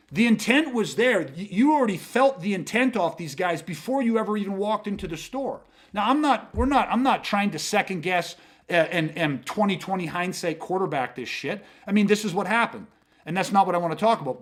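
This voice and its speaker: A middle-aged man hosting a self-defense podcast, talking bluntly and emphatically with heavy swearing. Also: sits high. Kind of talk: casual podcast monologue.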